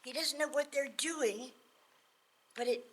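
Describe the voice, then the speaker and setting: A woman's voice: high voice, measured pace, rough recording. A woman telling a folk tale aloud at a live event, in a conversational style, often repeating herself. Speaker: storyteller. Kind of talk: live oral storytelling.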